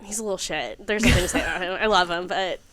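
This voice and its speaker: A woman in her thirties, a guest on a casual chat show, telling animated stories, laughing often and acting out what people said. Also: lowish voice, fast talker, a little hiss or hum. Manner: animated storyteller, laughs often, acts out quotes.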